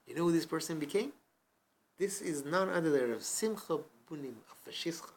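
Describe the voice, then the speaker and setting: Man, rabbi teaching a Torah class, husky voice, very expressive pitch, conversational storytelling. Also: a little fast. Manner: animated, conversational, chatty asides. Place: community study hall.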